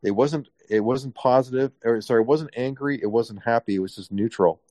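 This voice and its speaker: A man being interviewed, telling a long story in a casual, animated way and acting out what people said. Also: mid-range voice, a little fast, dry recording, studio quality. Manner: animated, acts out quotes with raised voice. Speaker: guest.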